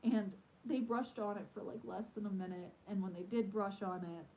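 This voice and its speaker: Mellow-voiced woman chatting casually on a live stream. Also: medium pitch, fairly even intonation, normal speed, slight background noise, low-quality recording. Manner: rambling and chatty, many fillers. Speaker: homesteader hosting a live stream. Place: at home in the evening.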